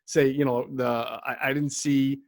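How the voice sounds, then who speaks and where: A man's voice: mid-range voice, level tone, a little slow, no room sound, clean studio sound. A middle-aged man hosting a sports talk show, chatting about football and reading ads with a jokey, upbeat delivery.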